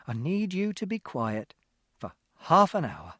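A man reading an audiobook voices a stressed, tired mother who speaks slowly and swings between hushed and raised words. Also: fairly high pitch, wildly swooping pitch, breathy edge, no room sound, clean studio sound, voice pushed up, full character voice. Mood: strained, weary.

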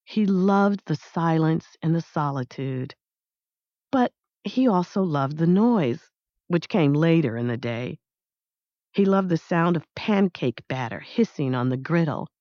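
A woman reads a story aloud slowly and deliberately, with a lyrical lilt. Her voice sits a little low, and the recording is dry and slightly dull, with no room sound. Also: lively intonation, no room sound. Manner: slow, measured, lyrical reading. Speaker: audiobook narrator. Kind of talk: scripted narration.

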